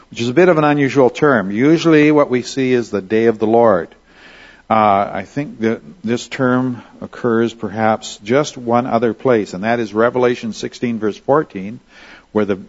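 A man's voice: medium pitch, muffled recording. A man teaching verse by verse through a Bible passage as a preacher, talking conversationally with frequent restarts and asides.

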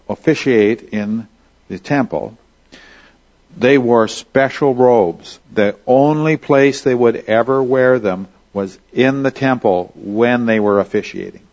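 A man's voice: mid-range voice, darkish tone, highs cut off. A man teaching verse by verse through a Bible passage as a preacher, talking conversationally with frequent restarts and asides.

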